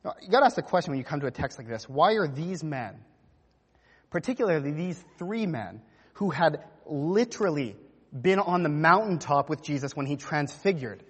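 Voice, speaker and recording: A man's voice: on the high side, normal speed, breathy edge, long reverb tail. A man preaching a sermon, telling the story vividly and acting out the quotes. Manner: animated storytelling, acts out quotes. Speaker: pastor.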